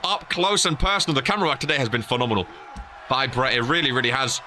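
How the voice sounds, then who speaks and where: A young man giving excited play-by-play commentary on a wrestling video game, rising to shouts at near falls. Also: medium pitch, fast, a little hiss or hum.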